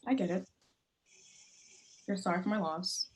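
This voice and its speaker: A woman's voice: lowish voice, unhurried, close to an everyday voice. A woman playing a tough, defiant grieving young woman. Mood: softening. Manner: guarded, blunt, sharp-tongued. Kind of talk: play reading over video call. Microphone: video call mic.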